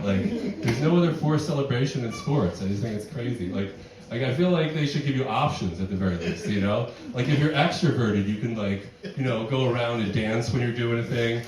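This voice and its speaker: Middle-aged male stand-up comic, rambling and self-deprecating, mid-pitched voice, distant mic in a very echoey venue with a laughing crowd. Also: brisk. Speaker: stand-up comedian. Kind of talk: stand-up comedy set. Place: barn music venue with live audience.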